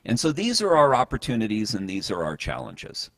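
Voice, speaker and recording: A man gives a motivational talk, earnest and storytelling, often restarting phrases as he builds his point. His low voice swings widely in pitch, and it sounds close and dry. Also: huge pitch swings, brisk, no room sound. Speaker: speaker.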